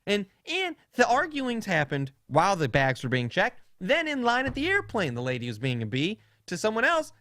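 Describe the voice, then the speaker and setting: Brief: young man, casual podcast co-host, fairly high voice, rambling funny anecdotes on a close, dry mic. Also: huge pitch swings, normal speed, hardly any pauses, sharp tone, no echo. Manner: rambling storyteller, laughs often. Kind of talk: casual chat.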